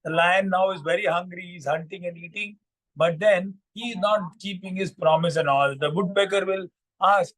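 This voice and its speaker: A man hosting a morning vlog, narrating a moral fable in a halting way with many fillers and repeats. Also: sits high, fairly bright tone, low-quality recording. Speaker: vlog storyteller.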